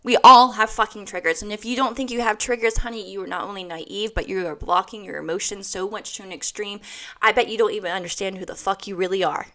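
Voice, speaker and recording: A woman's voice: mid-range voice, fast, fairly bright tone. A woman in her thirties giving a blunt, emphatic motivational monologue, swearing freely and repeating her points for weight. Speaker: host.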